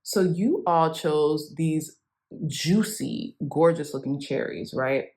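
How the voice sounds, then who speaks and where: A woman's voice: low voice, slow, a little mellow. A woman giving a chatty, effusive tarot reading straight to her viewers. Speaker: tarot reader.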